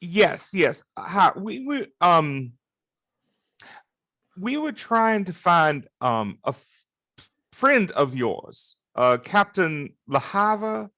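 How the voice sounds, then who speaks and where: Slow-talking polite male player. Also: high voice, sing-song, pushed and bright, no echo, studio quality. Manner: hesitant, polite. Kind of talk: casual tabletop play.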